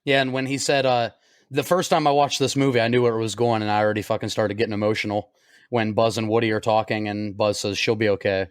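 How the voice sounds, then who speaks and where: A man in his thirties co-hosting a podcast, laughing a lot and retelling scenes with animated energy. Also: lowish voice, fast, clean tone, no echo, clean studio sound. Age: 30s. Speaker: podcast co-host. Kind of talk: casual chat.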